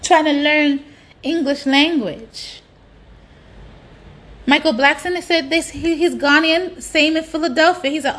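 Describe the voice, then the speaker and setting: A woman's voice: high-pitched, unhurried, long pauses, a bit bright. A woman delivering a blunt, profane ranting monologue, hammering points with repetition. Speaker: social media commentator.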